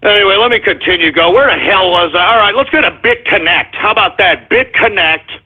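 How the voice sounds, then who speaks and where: Excitable high-voiced radio host man. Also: a little fast, husky. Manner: excitable, flustered, repeats apologies. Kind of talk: call-in radio monologue. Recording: phone-like lo-fi radio sound.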